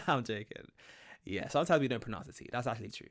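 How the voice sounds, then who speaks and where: A young British man talks quickly, his words tumbling out in a loose, joking stream of asides. His accent is plainly British. He keeps it casual and friendly, as if talking straight to his viewers. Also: medium pitch, animated, fairly bright tone. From Britain. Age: young adult. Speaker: reaction channel host. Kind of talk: casual reaction commentary.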